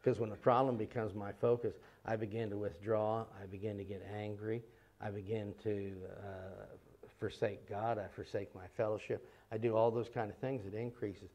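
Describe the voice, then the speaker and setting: Low-voiced man teaching an earnest seminar. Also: flat delivery, a little mellow. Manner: earnest, emphatic, repeats key phrases; rhetorical questions in quick runs.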